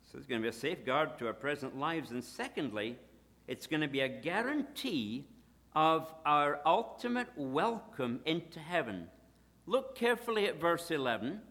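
A man preaching a sermon, emphatic, swinging between loud declarations and hushed asides. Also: on the high side, animated, normal speed, big-room sound.

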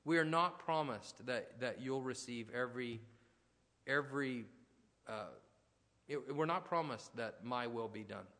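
A man's voice: mid-range voice, a little slow, pauses often, fairly bright tone. A man preaching a sermon, talking conversationally and telling personal stories with asides and restarts. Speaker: pastor. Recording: long hall reverb.

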